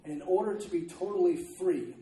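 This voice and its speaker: A man's voice: high voice, a little fast, warm tone, recorded from a distance, slight background noise. Conversational male preacher in an echoey church. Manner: conversational, repeats "okay?" to check in. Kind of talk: sermon.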